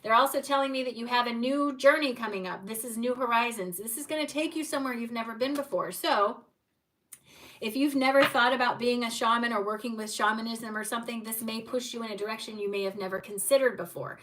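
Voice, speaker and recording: A woman's voice: on the high side, brisk, a bit bright, recorded from a distance, a little hiss or hum, poor audio. A woman giving tarot card readings on a livestream, speaking encouragingly and addressing viewers by name.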